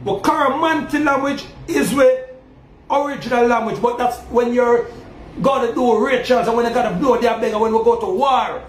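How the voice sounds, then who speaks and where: A man's voice: very high-pitched, normal speed. A man with a Jamaican accent, preaching emphatically to his audience as a self-styled Maroon chief and asking again and again whether they understand. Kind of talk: preaching monologue. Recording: roomy echo with faint ambient noise.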